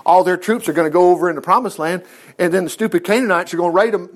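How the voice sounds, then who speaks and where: In rapid-fire delivery, this high-pitched male preacher gives a casual sermon, recounting Bible stories with chatty energy. Joking asides pop up, and he performs the quoted lines as he goes.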